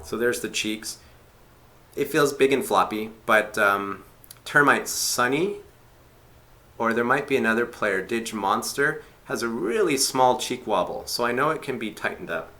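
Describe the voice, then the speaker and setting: A man's voice: mid-range voice, expressive, measured pace, over music. A man teaching didgeridoo technique in a live video chat, explaining step by step and chanting rhythm syllables. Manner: explaining step by step, thinking aloud. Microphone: webcam on a live video chat.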